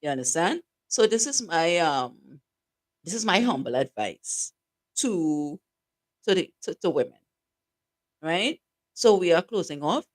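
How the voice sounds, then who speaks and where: A woman's voice: lowish voice, very animated, measured pace, pauses often. A woman co-hosting a talk show, giving casual advice and teasing her co-host, laughing often.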